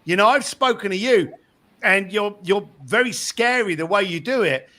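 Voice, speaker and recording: A man being interviewed about his book, telling anecdotes in an animated way and acting out the voices of the people in them. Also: high voice, normal speed. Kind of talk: animated storytelling in conversation.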